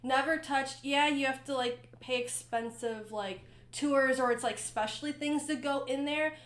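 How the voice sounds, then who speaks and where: A woman's voice: high-pitched, unhurried, fairly bright tone, roomy sound. A woman co-hosting a casual chat, enthusiastic and rambling with many "like"s. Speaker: co-host.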